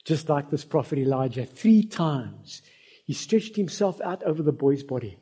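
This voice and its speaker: Male preacher, warm husky voice with a fairly high pitch, storytelling sermon. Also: animated, moderate pace. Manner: storytelling, addresses the congregation directly.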